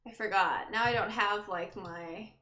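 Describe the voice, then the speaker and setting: A woman's voice: medium pitch, unhurried, pushed and bright. A young woman streaming live, chatting casually with viewers, greeting them by name and sounding exhausted. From Texas. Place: her bedroom. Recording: echoey room with background music.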